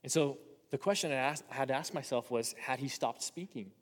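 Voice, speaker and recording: A man's voice: mid-range voice, brisk, long reverb tail. A young man preaching a personal sermon, earnest and confessional. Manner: earnest, personal, rises to impassioned pleading. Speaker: pastor.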